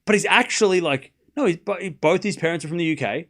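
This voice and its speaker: Hosting a tennis livestream, this Australian man speaks fast in a high-sitting voice. He mocks things in a casual rant, lively and talking straight to his chat.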